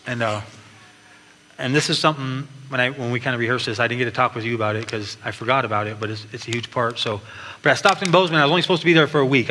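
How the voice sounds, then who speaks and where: A man's voice: medium pitch, sharp tone. A man giving an earnest personal testimony at church, telling his story with frequent restarts. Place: large church hall. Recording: long hall reverb, faint background noise.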